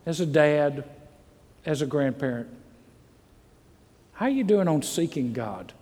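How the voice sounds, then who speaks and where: A middle-aged pastor preaches to his congregation with earnest, repeated rhetorical questions. His voice sits a little high for a man. The church hall rings with a long reverb. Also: animated, measured pace, a little mellow. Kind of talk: sermon. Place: church sanctuary. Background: congregation calls amen.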